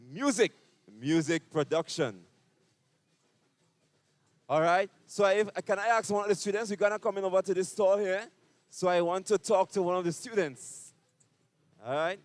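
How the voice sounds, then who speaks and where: A man with a Grenadian accent reporting from a music fair and interviewing people, brisk and guiding. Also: sits high, clear, resonant tone, no echo. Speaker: event reporter. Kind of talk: on-site event coverage.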